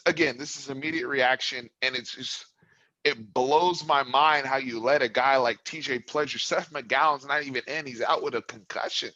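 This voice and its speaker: A man with a bright, forceful voice hosts a heated postgame reaction. He talks as a fan first and vents his frustration, at times raising his voice to a yell. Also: mid-range voice, steady tone, normal speed, poor audio. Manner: impassioned, builds to yelling. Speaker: sports talk host.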